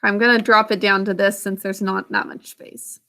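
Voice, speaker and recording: A woman's voice: medium pitch, little pitch movement, normal speed, sharp tone. A woman teacher leading a vocabulary and spelling lesson. She asks the class questions, calls on students by name, and patiently sounds out each syllable.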